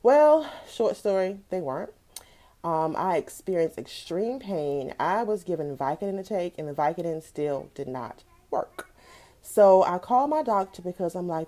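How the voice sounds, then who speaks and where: A woman's voice: on the low side, big pitch swings, moderate pace, dark tone. Earnest woman telling her own story. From South Carolina. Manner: greets viewers by name mid-story, earnest and preachy. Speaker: live stream host sharing a personal story. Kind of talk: casual testimonial talk.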